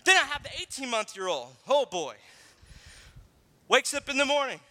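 A pastor in his thirties preaches conversationally, telling stories with lively acted-out voices. His voice is unusually high and very bright. It rings with the long reverb of a large hall. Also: normal speed. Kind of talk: sermon.

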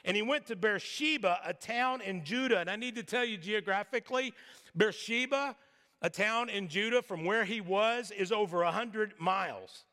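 A man's voice: sits high, normal speed, hardly any pauses, bright, forceful tone. A middle-aged man preaching a sermon in a casual storytelling way, with jokes and asides. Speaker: pastor. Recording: long hall reverb.

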